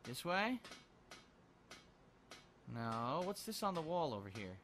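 A man's voice: a little high, very animated, slow, fairly bright tone, slight background noise. A man muttering his way through a video game, frustrated and swearing often. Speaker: let's play gamer. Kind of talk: live gameplay commentary.

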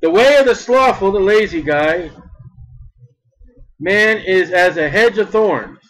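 A man preaching a sermon in an emphatic style, repeating words and swinging between loud bursts and soft asides. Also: high voice, expressive, takes it slowly, rough recording.

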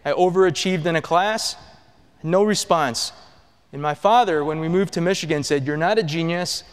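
Middle-aged man with a smooth, slightly high voice giving an earnest testimony in a big echoing hall. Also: normal speed. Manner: earnest storytelling, dropping low and soft on painful memories. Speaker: professor giving a personal testimony. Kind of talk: testimony talk to an audience. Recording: long hall reverb.

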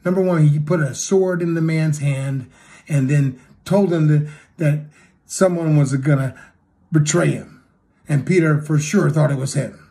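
A man preaching a sermon, retelling a story with acted quotes and swinging between loud and hushed delivery. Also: fairly high pitch, measured pace, creaky.

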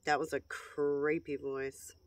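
A woman paranormal investigator outdoors in a cemetery, slowly calling out the words she hears in a sensory deprivation session, often exclaiming in surprise. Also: deep voice, level tone, no room sound. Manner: slow, halting, exclaims in surprise.

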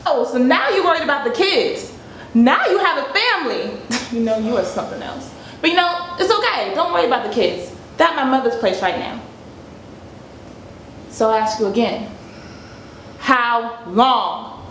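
A woman's voice: fairly high pitch, lively intonation, moderate pace, fairly bright tone, distant mic. A woman voicing a betrayed wife who confronts her husband in a sarcastic, relentless way. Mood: incredulous. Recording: echoey room, faint noise.

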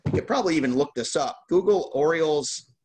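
A man hosting a card-opening show, telling a lively casual anecdote with laughs. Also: on the high side, brisk. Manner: animated, laughing anecdote teller. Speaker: host opening baseball card packs. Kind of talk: casual storytelling.

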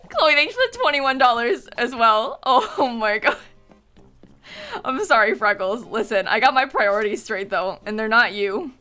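A young woman livestreaming a game in a bright, lively voice that swoops up into squeals and shrieks of laughter. She chats casually and dramatically, with soft game music playing behind her. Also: a little high, moderate pace. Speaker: streamer. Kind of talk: casual game-stream chat.

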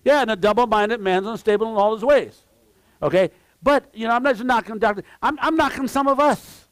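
A man preaching a sermon as pastor, emphatic and swinging between shouts and low asides, repeating key phrases and exclaiming praise. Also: brisk, no room sound. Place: church sanctuary.

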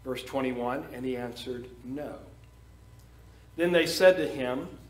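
A man's voice: mid-range voice, slow. A man preaching a sermon as pastor, reading scripture and stressing points emphatically. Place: church sanctuary. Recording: echoey church room.

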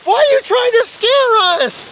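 A dad playing make-believe with his kids outdoors on a farm, talking in an animated, playfully dramatic way. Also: extremely high pitch, normal speed. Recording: noisy outdoor recording.

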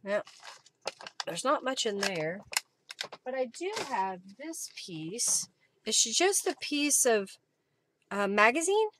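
A woman's voice: on the high side, very animated, takes it slowly, long pauses, fairly bright tone, slight background noise. A woman hosting a live crafting stream, chatting casually as she thinks aloud while she works and thanks her viewers. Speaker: craft journaling host.

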